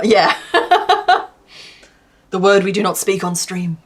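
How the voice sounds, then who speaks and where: A woman's voice: mid-range voice, animated, unhurried. Chatty Australian woman crochet streamer. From Western Australia. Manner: chatty, laughs often, answers chat. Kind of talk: casual live-stream chat while crocheting.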